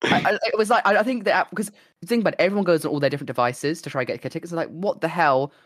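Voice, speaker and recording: A young man co-hosting a casual chat, animated and swearing, acting out what people said. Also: sits high, racing, dry recording. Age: young adult. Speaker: podcast co-host and streamer.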